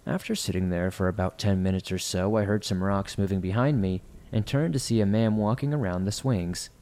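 A man reading listener-submitted horror stories aloud in a measured, somber narration. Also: lowish voice, a little mellow.

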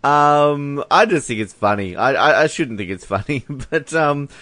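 A man's voice: mid-range voice, lively intonation, unhurried, bright, forceful tone, no echo. A man from Canada co-hosting a casual chat show, laughing often and mocking with sarcasm. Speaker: podcast co-host.

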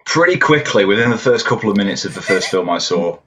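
A man with an English accent, a guest on a casual podcast, talking in a relaxed way and chuckling often. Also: lowish voice, fast, crowd noise. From England. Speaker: guest musician.

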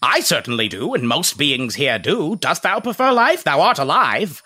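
Guy doing a jolly old-timey forest dude, all thee and thou, bright and bouncy. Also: fairly high pitch, big pitch swings, normal speed, husky, exaggerated voice. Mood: jovial. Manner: formal archaic thees and thous, hearty. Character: cheerful male forest being, archaic speech.

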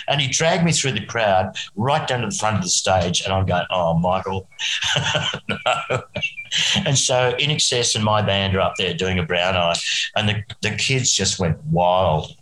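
A man's voice: on the low side, fairly bright tone, echoey room, a little hiss or hum, low-quality recording. An Australian man, a musician guest, rambling through a story and chuckling often. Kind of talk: casual anecdote telling.

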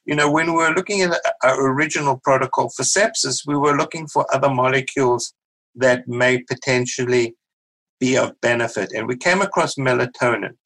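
South African doctor explaining calmly. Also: male voice, medium pitch, low-quality recording. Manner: measured, explanatory, with small restarts. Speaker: guest physician. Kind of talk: podcast interview, explaining.

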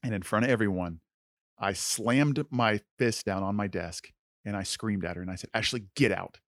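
A podcast co-host shares a personal story, earnest and conversational, with plenty of filler words. He has a lowish voice at normal speed, and the recording has no room sound.

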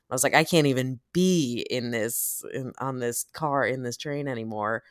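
Deep-voiced woman telling funny stories, laughs a lot, dry close sound. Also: normal speed, clean tone, no echo. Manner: animated storyteller, laughs often, acts out quotes loudly. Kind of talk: casual chat.

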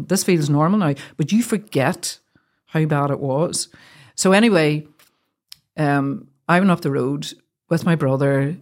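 A woman with a Northern Irish accent, a guest recounting a personal story in an earnest, heartfelt way, often restarting her sentences. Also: low voice.

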